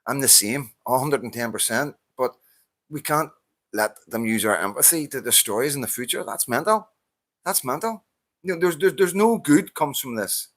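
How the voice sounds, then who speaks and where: A man's voice: medium pitch, expressive, moderate pace, a bit bright, no room sound. A man with a Northern Irish accent, talking to camera in a heated, casual monologue as he answers a viewer, swearing often and stumbling over repeated restarts. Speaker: vlogger answering a viewer's comment.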